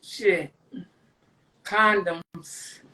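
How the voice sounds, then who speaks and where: A woman with a fairly low, steady, pushed and bright voice draws out her words while hosting a casual livestream. The audio is poor, and she rambles loosely with frequent profanity and jokes.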